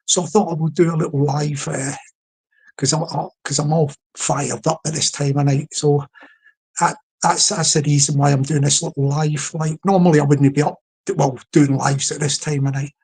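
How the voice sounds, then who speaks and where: A man with a London accent talks through a late-night solo live stream, his voice sitting a little high and sounding husky. He rambles and restarts, breaking off to greet people in the chat as he spins a comic story. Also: little pitch movement, a little mellow. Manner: rambling, halting, with many restarts and asides to the chat; humorous storytelling.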